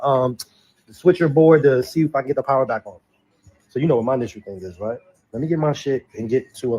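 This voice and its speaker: Husky man telling a laundry story. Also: medium pitch, low-quality recording. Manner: relaxed storytelling, addresses "y'all". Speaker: guest in a played clip. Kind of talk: casual personal video monologue.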